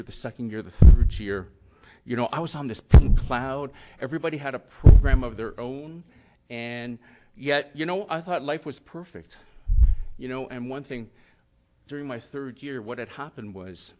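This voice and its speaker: Middle-aged man, earnest rambling testimony, mid pitch, slightly muffled recording. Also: darkish tone. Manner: earnest, rambling with many "you know" and "and yet". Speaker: speaker sharing his recovery story. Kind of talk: personal testimony talk. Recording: slightly dull lo-fi sound.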